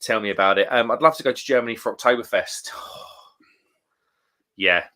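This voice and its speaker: A man's voice: lowish voice, brisk, sharp tone. A British man co-hosting a casual beer live stream, chatty and enthusiastic, reading out viewer comments. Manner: chatty and enthusiastic, lots of "um" and restarts.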